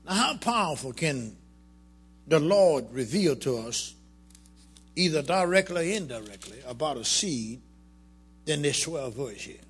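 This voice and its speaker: A man preaching a sermon to his congregation, calling out to the crowd and building to shouts. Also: a little high, sing-song, measured pace, long pauses, husky. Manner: colloquial, drops into vernacular.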